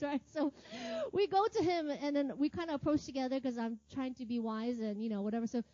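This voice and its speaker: A woman's voice: sits high, steady tone, fairly quick, hardly any pauses, mellow, no echo, lo-fi sound. A woman teaching a casual sermon, chatty and full of laughter, with lots of filler words and "right?" tag questions. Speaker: ministry teacher.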